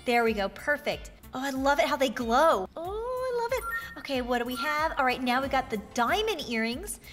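A bubbly woman chatters through excited gameplay commentary, her voice sitting high and bright as she gushes over every new find. She gasps with delight often and keeps a quick, breathless sense of wonder. Soft music plays faintly underneath her. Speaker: YouTuber showing items in an online game.

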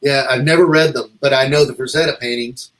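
A comic artist guest, speaking at medium pitch and a fairly quick pace on a rough recording, tells a long, rambling story in a casual interview. He's animated, voicing the quoted lines of other people as he goes.

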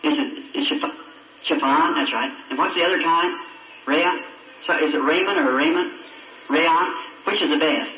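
A man's voice: a little high, lively intonation, moderate pace, bright, forceful tone, slight background noise. A man preaching in a folksy, emotional storytelling way with plain country grammar, recorded from a distance on an old roomy sermon tape.

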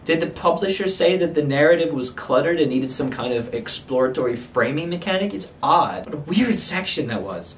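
Animated ranting man in a roomy echo. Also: a little high, brisk, few pauses. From London, England. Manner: animated ranting, incredulous rhetorical questions. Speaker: book reviewer. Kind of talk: casual video review. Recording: roomy echo, mic at a distance, faint ambience.

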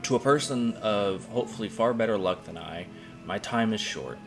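A man voicing a dying adventurer's note in a slow, tired, grave reading. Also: lowish voice, creaky, noisy background.

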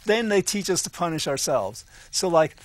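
A man's voice: fairly high pitch, lively intonation, moderate pace. A man co-hosting a casual discussion show, explaining his ideas in a rambling way with frequent laughs. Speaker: co-host.

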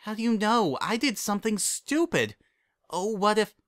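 A man's voice: fairly high pitch, expressive, a little slow, a bit bright, voice pushed up. A man voicing a nervous, bookish young female pony who talks in an anxious, fretful way.

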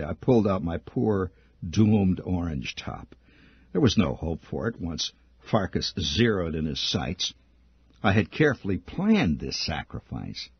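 A man's voice: sits low, husky, no echo. A middle-aged man reading his own story aloud with wry, vivid first-person storytelling. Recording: muffled dry old archive recording.

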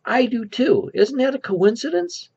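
A man voicing a chatty pregnant woman at a bar in a high, sing-song falsetto, with a gravelly edge, on a lo-fi recording. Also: sing-song, unhurried, darkish tone, exaggerated voice. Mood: delighted. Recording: lo-fi dull recording.

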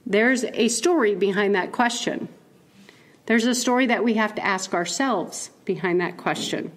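A woman giving a keynote talk as a conversational sermon, playful and animated and laughing at her own asides. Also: medium pitch. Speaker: keynote speaker.

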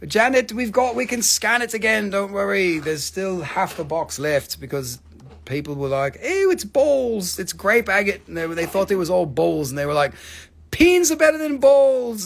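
High-pitched guy hyping rocks on a live sale, jokey, swears a lot, rambles. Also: creaky. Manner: excitable, joking, swearing, rambling. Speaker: host of a live crystal sales stream. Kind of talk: live sales patter.

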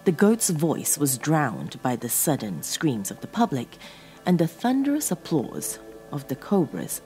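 A woman with a low, gravelly voice narrates a horror story, slow and dramatic, her pitch swinging widely for effect. Faint music plays beneath her words. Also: darkish tone.

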